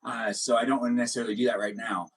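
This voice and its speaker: A man's voice: medium pitch, flat delivery, rapid-fire, husky, low-quality recording. A young man hosting a casual livestream, rambling and joking as he quizzes his guests. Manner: rambling, jokey, asks guests questions. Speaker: livestream host.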